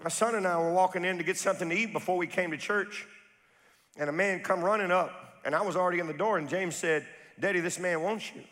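A male pastor preaching a sermon, telling stories in a low, confiding voice before climbing to impassioned, shouted peaks. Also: fast, big-room sound. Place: church sanctuary.

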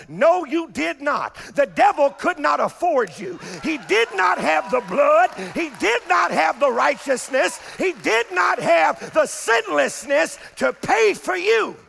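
Middle-aged pastor, male, high and animated, repetitive fervent preaching. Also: takes it slowly, creaky, few pauses, long reverb tail. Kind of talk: sermon. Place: church before a congregation.

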